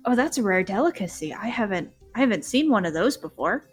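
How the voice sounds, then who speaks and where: A woman voicing a huge, greedy female badger creature in a tabletop game, talking quickly and eagerly. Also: mid-range voice, sing-song, breathy edge, faint music behind.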